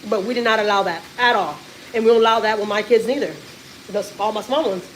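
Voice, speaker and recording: A woman's voice: mid-range voice, fast talker, a little hiss or hum, low-quality recording. A woman, chatting casually to her viewers on a family livestream, emphatic and repeating herself. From Texas, US. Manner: emphatic, repetitive, restarts often. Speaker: family vlogger.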